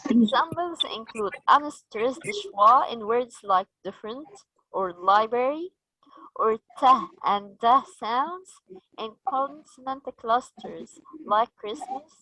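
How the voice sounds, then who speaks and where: A woman's voice: fairly high pitch, animated, slow, bright, forceful tone, no echo, low-quality recording. A woman running a teacher-training session, patiently explaining and asking the group questions. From Egypt.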